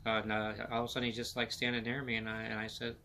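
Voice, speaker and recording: A man's voice: mid-range voice, completely flat delivery, racing, bright, forceful tone, slight background noise. Rambling man hosting a sports podcast. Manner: rambling, filler-heavy, repeats words. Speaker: podcast host. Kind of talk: casual solo sports chat.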